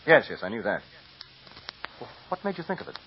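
An actor playing a sharp male lawyer who asks quick, probing questions in a 1950s radio drama. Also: mid-range voice, sing-song, a little hiss or hum, lightly acted. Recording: dull lo-fi old radio recording.

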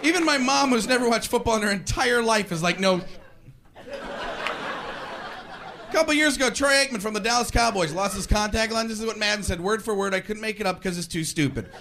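A male stand-up comedian with a fairly high voice, ranting animatedly on stage. The sound is a live recording with noticeable background noise and room ambience. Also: fast talker.

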